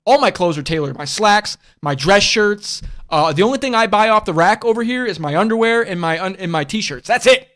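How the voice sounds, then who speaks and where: High-voiced, rambling, profane man podcasting. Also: expressive, normal speed, few pauses, sharp tone. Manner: rambling, profane, blunt, calls listeners bud and bro. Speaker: podcast host. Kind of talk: casual livestream podcast chat.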